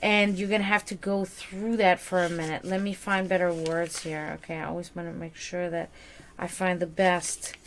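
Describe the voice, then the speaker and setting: A woman's voice: on the low side, flat delivery, normal speed, slight background noise. A woman giving a live-streamed tarot reading to a viewer, reassuring and tired, with many fillers and repeated words. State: tired, yawning. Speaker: tarot reader.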